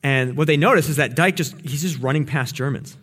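A man's voice: on the high side, brisk, a bit bright, husky. A young man preaching a casual, storytelling sermon to young adults, with lots of fillers and restarts as he builds toward a challenge. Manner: conversational, fillers and repeated words, builds to exhortation.

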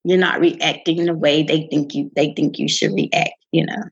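A woman's voice: low-pitched, fairly even intonation, normal speed, creaky. A woman in casual conversation, upbeat and playful, laughing easily. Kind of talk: casual chat. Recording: dull lo-fi sound.

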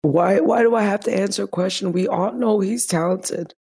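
Woman, raspy fading voice with fry, blunt sarcastic co-speaker. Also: medium pitch, normal speed, warm tone. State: losing her voice. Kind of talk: casual chat.

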